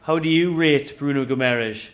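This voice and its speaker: A man's voice: on the high side, moderate pace. Bantering man co-hosting a live show. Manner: bantering, needling. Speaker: co-host football fan. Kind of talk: casual live-stream chat.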